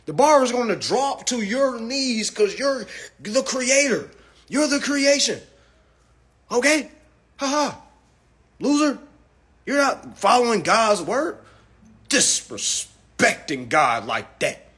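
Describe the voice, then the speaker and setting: A drunk man rants in a high, husky voice. He preaches and swears, and he keeps pressing his point with "all right?" between lines. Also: very animated, takes it slowly, long pauses, fairly bright tone. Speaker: consumer finance commentator. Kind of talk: ranting monologue.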